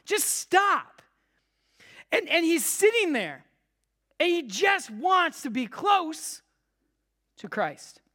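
Pastor, sermon in church, bright forceful tone, repeats phrases, loud then hushed. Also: big pitch swings, slow pace, pauses often. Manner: emphatic, repeating phrases, swinging between loud cries and hushed low tones. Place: church service with a live congregation.

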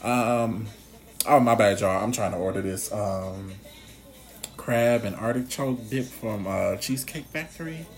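A man chatting casually on his vlog, animated, swearing freely and laughing often. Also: fairly low pitch, a little slow, faint music behind. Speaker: blogger.

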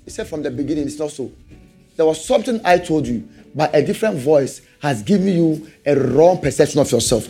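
A man's voice: on the high side, animated, a little fast, a little mellow, soft background music. A man preaching a sermon, calling for amens and hammering out repeated questions. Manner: call-and-response, rising to emphatic repeated questions.

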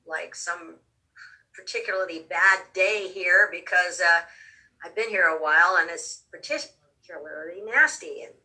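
Bright-voiced woman telling a personal story. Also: on the low side, recorded from a distance, rough recording. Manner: halting, repeats words, emotional. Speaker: storyteller recounting a near-death experience.

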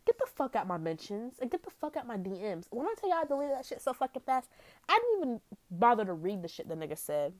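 In a slightly high, very animated voice recorded without echo, a young woman talks fast in a casual vlog monologue. She gives dating advice bluntly and profanely, rambling as she goes.

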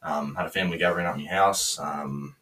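A young Australian man co-hosting a casual podcast, laid-back and crude, halting with many ums. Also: low-pitched, steady tone, vocal fry, fairly bright tone, distant mic. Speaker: podcast co-host. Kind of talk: casual banter.

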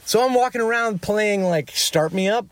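A man, a touring musician, telling an anecdote in casual chat, animated and peppered with fillers. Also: moderate pace, no echo. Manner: animated, jumps into high excited voices when quoting himself; peppers speech with "like" and "you know". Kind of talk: casual storytelling.

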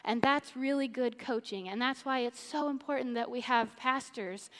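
A woman's voice: high-pitched, normal speed. Upbeat woman speaker in a big hall. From Missouri, USA. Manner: enthusiastic, earnest and effusive. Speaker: church speaker. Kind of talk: sermon-style Bible teaching. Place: church auditorium. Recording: long church-hall reverb.

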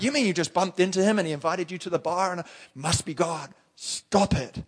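High-voiced emphatic male pastor. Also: a little fast. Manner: emphatic, direct, rhetorical questions. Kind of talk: sermon.

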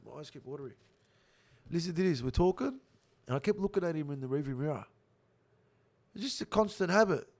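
Young guy, casual storyteller, profane and blunt, gravelly high voice. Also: expressive, a little fast, long pauses, a little mellow. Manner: profane, blunt, swears constantly; laughs through his own story. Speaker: guest telling a story.

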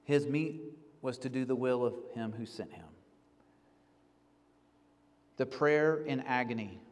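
A male pastor preaching an earnest sermon, rising to pleading and then dropping to hushed reflection. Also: medium pitch, normal speed, big-room sound.

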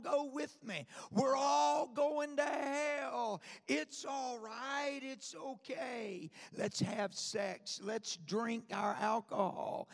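High, gravelly man preaching in a hall. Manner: rhythmic, repetitive, builds to shouting. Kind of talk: fiery sermon. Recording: long reverb of a large hall.

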